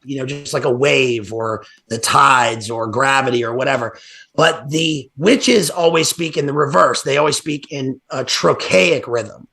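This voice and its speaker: On a casual livestream, a male guest analyzes literature in a digressive, rambling way, packed with fillers and restarts. His mid-range voice is creaky, bright and forceful, and he keeps a measured pace.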